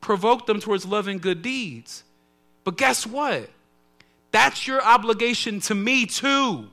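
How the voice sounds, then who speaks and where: A man preaching a conversational sermon to his congregation, swinging between soft asides and loud emphatic lines. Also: sits high, animated, unhurried. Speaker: pastor.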